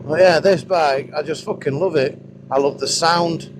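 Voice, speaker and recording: Wind and engine roar accompany a Northern English man in his thirties as he rides and chats for his motovlog, swearing and wandering through stories. His voice is a little high and his pace moderate, recorded on a helmet-mounted action camera mic outdoors.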